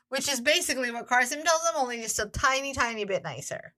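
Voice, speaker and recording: A woman from Florida co-hosting a casual chat, chiming in with quick agreement and dry, sarcastic quips. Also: sits high, lively intonation, pushed and bright. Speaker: podcast co-host.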